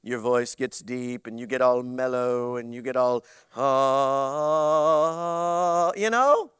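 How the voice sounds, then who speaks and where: A man preaching a sermon, animated and swinging from loud to soft, with playful mock voices. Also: medium pitch, moderate pace, clean tone, dry recording, clean studio sound. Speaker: pastor.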